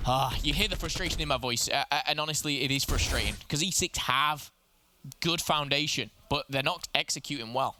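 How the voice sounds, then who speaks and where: A man commentating a competitive video game match, excitable and analytical, often restarting his sentences, with game noise behind him. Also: a little high, a little fast. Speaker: esports caster. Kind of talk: play-by-play commentary.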